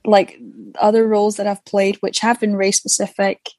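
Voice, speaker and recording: A woman's voice: medium pitch, flat delivery, moderate pace, a little mellow, dry recording. A young Scottish woman with a Scottish accent, an actor chatting as a guest in a casual interview, rambling with many restarts and fillers. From Scotland. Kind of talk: casual interview over a call.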